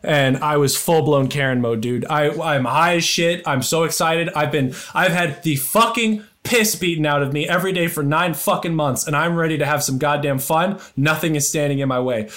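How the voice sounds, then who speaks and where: A young man telling a wild story in casual chat, excitable and profane, with lots of restarts. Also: on the high side, normal speed, few pauses. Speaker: storyteller guest.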